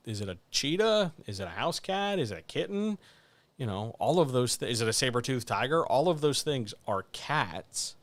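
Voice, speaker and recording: With a mid-range voice and no echo, a man hosts a casual chat about writing. His instructional talk is blunt and wry, full of emphasis and plenty of repetition.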